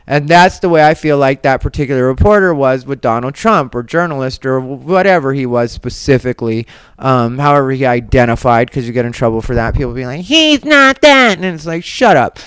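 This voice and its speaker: A defiant woman holds forth on her own podcast, talking bluntly and refusing to soften anything. Her voice is smooth and clear. The sound is dry and close, with no room echo. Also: a bass voice. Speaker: podcast host. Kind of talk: opinionated solo podcast monologue. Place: Las Vegas.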